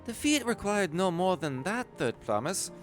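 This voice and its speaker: A man reading the lines of a small, formal storyteller from a merchant clan, measured and solemn. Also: high-pitched, very animated, faint music behind, voice pushed up. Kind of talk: reading game dialogue aloud.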